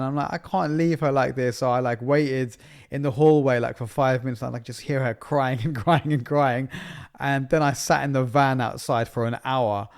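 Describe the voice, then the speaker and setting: A man's voice: medium pitch, steady tone, normal speed, creaky. A man in his thirties co-hosting a family podcast, chatting casually and sentimentally, often laughing through his stories. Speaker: podcast co-host. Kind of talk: casual chat.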